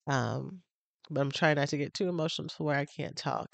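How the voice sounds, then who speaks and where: A woman hosting her own podcast as a love addiction coach, talking casually and with emotion, with pauses as she gathers herself. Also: low-pitched, gravelly, dry recording. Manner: emotional, pausing, heartfelt. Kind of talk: casual personal podcast talk. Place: on location on a trip.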